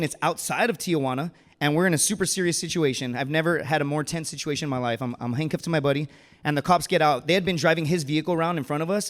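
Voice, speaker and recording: A man in his thirties telling a true story on stage, casual and joking, with slangy asides and chuckles. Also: on the high side. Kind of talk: live personal storytelling. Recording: reverberant hall.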